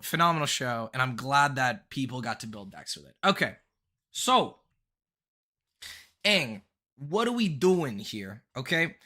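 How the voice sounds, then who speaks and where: Young male streamer, excitable and rambling, bright pushy tone, pitched a bit high. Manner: excitable, swearing, rambling with restarts and laughs. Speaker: streamer reviewing viewer decks. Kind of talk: casual live stream chat. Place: his bedroom.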